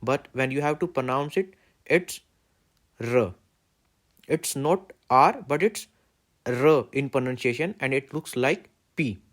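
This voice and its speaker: Speaking unhurriedly in a medium-pitched voice, a man who is a native Hindi speaker teaches the alphabet. He works through the letters with plain, step-by-step explanations.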